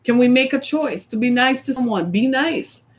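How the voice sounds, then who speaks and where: A high-pitched, middle-aged woman giving a motivational talk. She speaks emphatically, keeps coming back to a single key word, and acts out quotes for her audience. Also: expressive, moderate pace.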